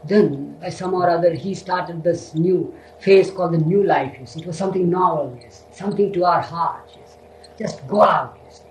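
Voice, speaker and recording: A man's voice: fairly high pitch, darkish tone. Older man, reflective storyteller, hesitant and repetitive; roomy, slightly noisy recording. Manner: halting, repeats words, frequent "you see". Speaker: devotee recounting memories. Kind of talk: reminiscing storytelling.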